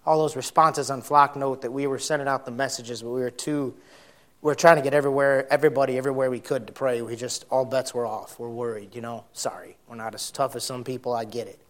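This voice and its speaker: A man's voice: medium pitch, steady tone, fast. Fiery, folksy male preacher. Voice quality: folksy, blunt preacher talk. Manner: swings from loud shouting to soft, emotional storytelling. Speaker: pastor. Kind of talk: sermon.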